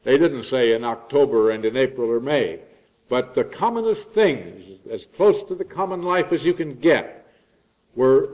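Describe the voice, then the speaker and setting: Man, middle-aged, learned preacher, digressive asides, shifting pitch and pace. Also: muffled recording. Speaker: preacher or lecturer on the church year. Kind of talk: lecture-style sermon.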